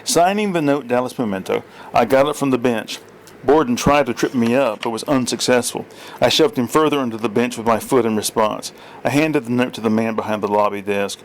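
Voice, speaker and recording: A man's voice: mid-range voice, fairly quick, slight background noise, low-quality recording. A man reading his own fiction aloud, plainly, with small slips and corrections.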